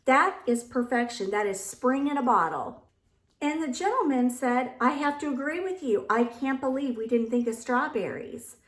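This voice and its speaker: Chatty woman storyteller, high voice. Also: lively intonation, normal speed. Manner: chatty, acts out quotes of others. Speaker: vlogger. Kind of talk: casual storytelling. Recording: echoey room.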